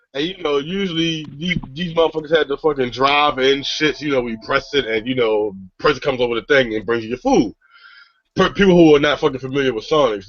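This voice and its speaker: Rambling young man with a bright voice. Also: medium pitch, no echo, dull audio. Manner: rambling, profane, restarts often. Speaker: podcast host telling a story. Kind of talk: casual storytelling chat.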